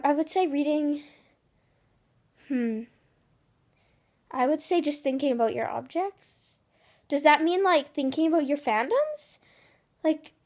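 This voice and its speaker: A teenage girl vlogging casually about her day and reading quiz questions aloud in a chatty way. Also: high-pitched. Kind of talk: casual vlog narration.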